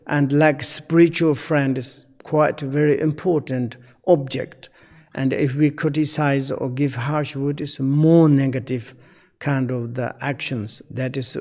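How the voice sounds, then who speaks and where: A man giving a Dharma teaching in halting, non-native English. He pauses often with fillers while searching for words. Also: medium pitch, darkish tone, in a large hall. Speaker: Buddhist teacher.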